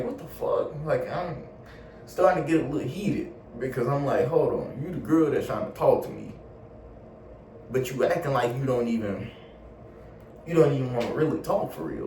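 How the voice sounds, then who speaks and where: A man's voice: mid-range voice, a little hiss or hum. Young guy ranting a storytime, lots of slang and cussing, kinda far from the mic in an echoey room. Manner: slangy, animated, swears a lot. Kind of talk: casual storytime vlog. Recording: roomy echo, a bit off mic, faint ambience.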